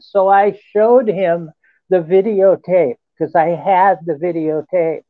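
A man with a high voice recounts a personal story in an earnest, halting way, pausing to restart his sentences. He is heard over a tinny, dry phone line. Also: fairly even intonation, no room sound. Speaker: interview guest. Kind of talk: first-person account in a radio interview.

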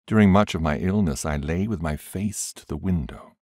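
A man reading an audiobook aloud in a measured, expressive way. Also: low-pitched, no echo, studio quality. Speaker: audiobook reader. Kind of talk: scripted audiobook narration.

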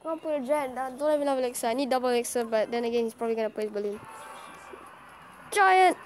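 A woman giving excitable live commentary over her own card-battle game, cheering and groaning at every play. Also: a little high, very fast, slight background noise. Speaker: gaming channel host.

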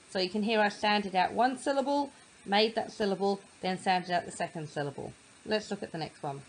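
A woman's voice: mid-range voice, lively intonation, low-quality recording. Patient woman tutor teaching phonics. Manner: patient, sounds words out slowly. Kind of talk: phonics lesson explanation.

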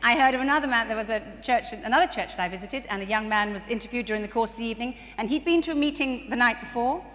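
A woman's voice: a little high, very fast. Woman preaching in an echoey hall. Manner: animated, laughs often, rising to bursts of excitement. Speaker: speaker at a church conference. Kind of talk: sermon-style testimony storytelling. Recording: distant reverberant hall recording with faint ambient noise.

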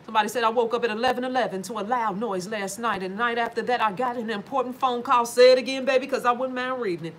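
A woman holds forth from home, speaking straight to her audience in a loose, emphatic monologue. She swears freely and leans hard on her points, her voice sitting a little high for a woman. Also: quick pace, hardly any pauses, slight background noise. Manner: emphatic, swears freely, addresses viewers directly. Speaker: livestream talker reading viewer comments. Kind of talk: casual profane livestream monologue.

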